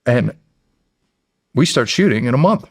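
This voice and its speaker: Gravelly guy in his 40s from the us, chatty storyteller, does all the voices, swears a lot, dry close sound. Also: medium pitch, a little slow, dry recording. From United States. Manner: animated storyteller who acts out quotes and swears freely. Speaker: podcast guest. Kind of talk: casual storytelling.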